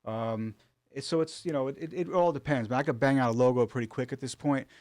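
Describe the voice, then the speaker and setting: A man telling stories in a casual, animated way, with many fillers and restarts, recorded in a studio. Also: medium pitch, quick pace, no echo. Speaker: rug artist guest. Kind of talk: casual storytelling.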